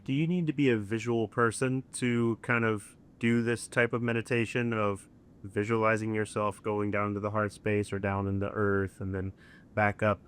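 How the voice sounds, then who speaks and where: A man's voice: on the low side, flat delivery, moderate pace, clean tone. A man hosting an interview, asking curious, analytical questions. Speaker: podcast host.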